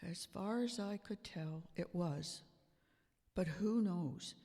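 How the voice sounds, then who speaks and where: This amateur church play features a man as Pontius Pilate, a defensive Roman governor justifying his actions from the witness stand. His voice is high and warm with vocal fry, pushed into exaggeration, and his storytelling is slow, deliberate and emphatic. The recording, made in a church sanctuary, carries a long church hall reverb.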